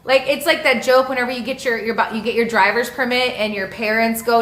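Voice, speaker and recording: A woman's voice: on the high side, steady tone, fairly quick, a bit bright, echoey room. A woman astrologer teaching in a casual, frank, slangy way and laughing often. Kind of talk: casual spiritual teaching monologue.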